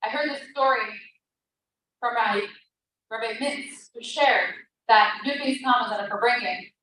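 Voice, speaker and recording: A woman's voice: a little high, unhurried, sharp tone. A woman giving an impassioned inspirational talk at an event, emphatic and fond of repeating phrases. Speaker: speaker at a women's event. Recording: echoey room, far from the mic, faint hiss.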